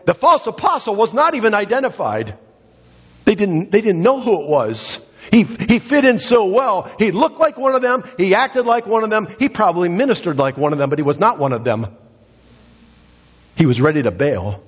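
A male pastor preaching a sermon, emphatic and repetitive, swinging his pitch up and down and short of breath. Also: big pitch swings, moderate pace, slightly rough, big-room sound, dull audio. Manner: emphatic, repeats phrases, dramatic pitch swings. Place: church sanctuary.

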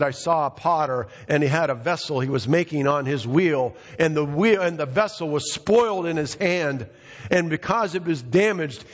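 A pastor preaching a sermon, emphatic and repetitive, calling out members of the congregation by name. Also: male voice, on the high side, long reverb tail, dull audio. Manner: emphatic, repeats phrases, addresses congregation by name.

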